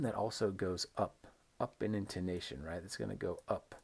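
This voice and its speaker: Guy teaching english on a recorded video lesson, kinda low voice, drags out examples, keeps saying right?. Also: gravelly, darkish tone, husky. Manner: slow, emphatic modeling of intonation with rising and falling examples; repeats words for stress, frequent "right?" checks.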